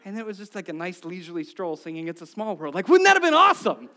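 A middle-aged man preaches with a notably high voice. He tells animated stories and moves from soft, hushed asides to loud, excited shouts. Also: quick pace. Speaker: pastor. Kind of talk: sermon.

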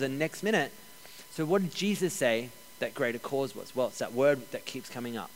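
A man preaching a sermon as pastor, energetic, repeating key phrases and joking with the congregation. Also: mid-range voice, moderate pace. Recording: long hall reverb.

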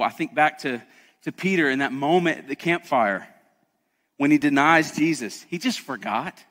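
A man's voice: a little high, normal speed, fairly bright tone, long reverb tail. A man preaching a sermon as pastor, emphatic and conversational, often calling out to the congregation.

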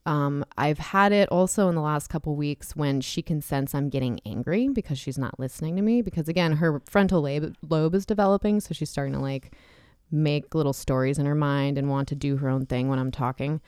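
Low-voiced woman chatting candidly. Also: a little fast, a little mellow, clean tone, no room sound, clean studio sound. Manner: candid, swearing, laughing often. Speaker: podcast host. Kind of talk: casual chat.

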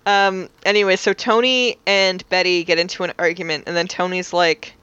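A woman's voice: on the low side, fairly even intonation, normal speed, fairly bright tone, smooth, highs cut off. A woman co-hosting a podcast, recapping a teen drama in loose, swearing chat full of fillers and laughter. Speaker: podcast co-host.

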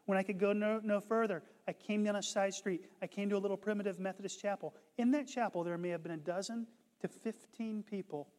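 A man preaching a sermon, retelling a conversion story and building to impassioned shouts. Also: sits high, in a large hall. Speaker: pastor.

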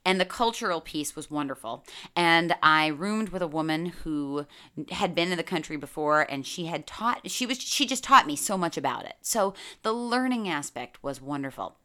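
A woman hosting a podcast, telling a candid personal story in an animated way, swearing freely and laughing as she goes. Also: low-pitched, moderate pace. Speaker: podcast host.

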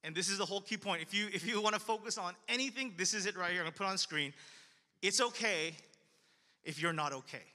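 Male pastor, casual earnest sermon delivery, bright tone, long reverb of a church hall. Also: high-pitched, quick pace. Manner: earnest, conversational, repetitive.

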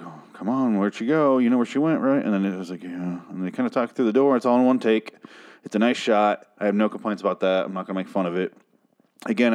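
A man's voice: fairly low pitch, darkish tone. A man giving a casual, rambling episode recap, profane and exasperated, with frequent restarts. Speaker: TV show reviewer.

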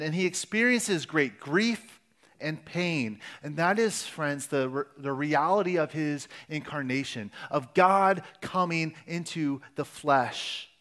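A man's voice: on the high side, fairly bright tone. A man preaching a sermon as pastor, speaking earnestly and sometimes restarting his phrases. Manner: earnest, with restarts and varying emphasis.

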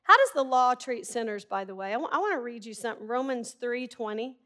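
A woman's voice: a little high, lively intonation, fairly quick, pushed and bright. A middle-aged woman preaching a sermon in a conversational, humorous and emphatic way.

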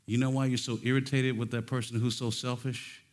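A male conference speaker delivers a sermon in a voice of ordinary middle pitch. He drives hard on emphatic, raised lines, then drops low and quiet, pressing listeners with quick rhetorical questions. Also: flat delivery. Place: conference stage.

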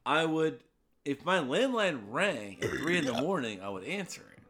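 A man's voice: on the high side, normal speed. A man co-hosting a casual podcast, telling a rambling anecdote in a loose, chatty way. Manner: rambling anecdotal storyteller, lively. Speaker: podcast co-host. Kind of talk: casual chat, storytelling.

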